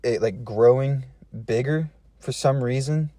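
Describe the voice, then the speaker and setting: A man's voice: medium pitch, measured pace, warm tone, no echo. A man telling a funny personal story in a laid-back, slangy way, chuckling between phrases. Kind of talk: casual storytelling.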